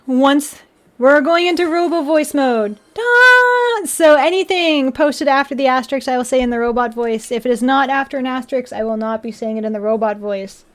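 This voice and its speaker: Give me a giggly woman casually chatting with her stream viewers, voice sitting a bit high. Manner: chatty, giggly, answers chat. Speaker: livestream host building model kits. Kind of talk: casual livestream chat.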